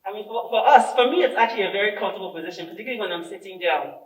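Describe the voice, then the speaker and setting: A woman presenting a training workshop, a lively storyteller who acts out dialogue and asks her audience questions. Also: mid-range voice, very fast. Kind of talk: interactive training workshop talk. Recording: echoey room, far from the mic.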